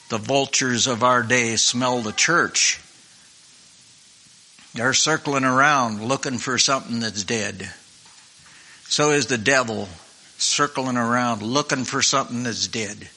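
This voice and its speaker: A man preaching a sermon in a fervent, repetitive way, clearing his throat now and then. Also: a little high, sharp tone. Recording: long hall reverb.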